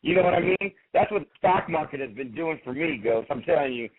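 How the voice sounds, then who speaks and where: A man phones in to a talk show, his voice slightly high, indignant and rambling as he goes on. He comes through a thin, tinny phone line. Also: lively intonation, a little fast. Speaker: caller. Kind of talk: call-in radio talk.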